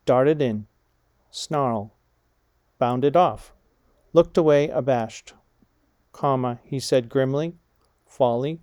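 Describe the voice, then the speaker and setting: Guy slowly reading out vocab words, calls out the commas and hyphens, mellow voice, dead dry room. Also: mid-range voice, dry recording. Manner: measured, deliberate, reads words and punctuation aloud. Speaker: vocabulary reader. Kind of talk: slow dictation of vocabulary words and phrases.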